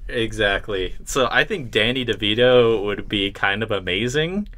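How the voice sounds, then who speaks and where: A young man with a lowish voice talks games on a podcast. He gushes and rambles a bit, with plenty of "like" as he goes. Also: normal speed, a bit bright. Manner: enthusiastic, chatty, many "like" fillers. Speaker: podcast co-host. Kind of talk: casual chat about video games.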